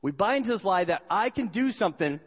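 A male pastor preaching a sermon with animated, joking storytelling, recorded with dull sound in a reverberant hall. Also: high-pitched, fast talker, husky.

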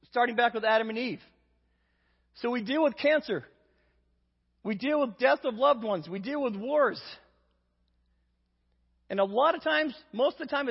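A man's voice: very high voice, creaky, breathy edge. A man giving a sermon, telling a funny personal story and acting out the voices in it. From Indiana, US. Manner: storytelling, acts out voices, self-deprecating humor. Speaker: preacher. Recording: dull lo-fi recording in a reverberant hall.

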